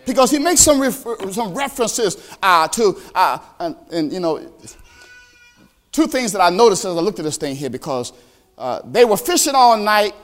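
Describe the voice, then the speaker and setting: A male pastor preaching a sermon, animated, asking the congregation questions directly. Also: high-pitched, normal speed, faint music behind.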